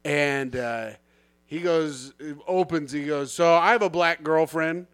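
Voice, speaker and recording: A man co-hosting a comedy podcast, telling a story in a dry, deadpan way. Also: fairly high pitch, takes it slowly, clean tone, no echo. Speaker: podcast co-host. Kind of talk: casual comedy podcast chat.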